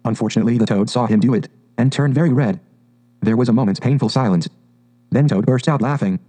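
A man reading a classic animal storybook aloud in a measured, expressive way. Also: mid-range voice, rough recording. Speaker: audiobook narrator.

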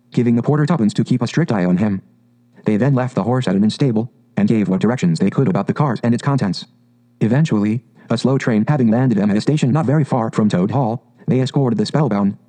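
A man narrating a classic storybook in a measured, even way. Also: medium pitch, rough recording. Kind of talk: storybook reading.

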